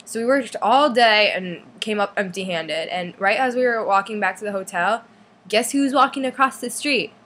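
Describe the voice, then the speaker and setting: A woman's voice: moderate pace, fairly bright tone. Chatty teenage girl telling a fan story. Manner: chatty, lots of "like", acts out quotes in higher voice. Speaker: fan vlogger. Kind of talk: casual storytelling vlog.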